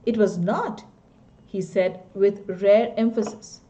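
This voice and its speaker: A woman's voice: mid-range voice, takes it slowly, warm tone. A woman teacher with an Indian English accent, reading a story aloud and stopping to explain its words.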